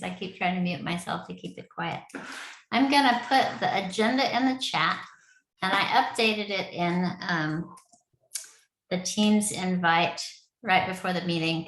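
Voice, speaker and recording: A woman's voice: fairly low pitch, gravelly, fairly bright tone, echoey room, a little hiss or hum, rough recording. A woman leading an online project meeting from home, talking in a rambling, effusive way and laughing often. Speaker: city project lead running the meeting. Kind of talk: casual online meeting talk.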